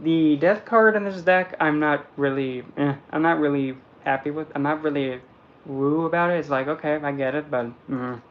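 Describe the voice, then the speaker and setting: A man's voice: on the high side, fairly even intonation, normal speed, phone-quality sound, a little hiss or hum. A man chatting casually and playfully about tarot decks, rambling as he goes. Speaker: tarot deck reviewer. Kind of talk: casual chat.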